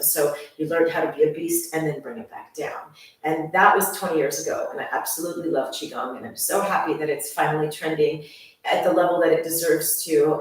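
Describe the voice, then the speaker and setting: A woman's voice: low-pitched, distant mic. A fitness instructor in her forties, chatting upbeat to viewers as her friends in a casual channel introduction. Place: room at home with workout gear. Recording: very echoey room, voice off-mic.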